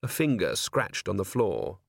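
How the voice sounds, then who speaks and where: A male narrator reading an audiobook with a very animated, lively pitch. The recording is dry and close, with nothing behind him. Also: a little slow, vocal fry, husky, dry recording. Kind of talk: scripted narration.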